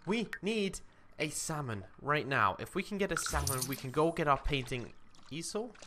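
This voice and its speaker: A man's voice: on the high side, animated, moderate pace, background noise. A young man casually commenting on his life-simulation game, chatting to his character as he plays. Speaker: gaming commentator. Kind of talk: casual let's-play commentary. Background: game music.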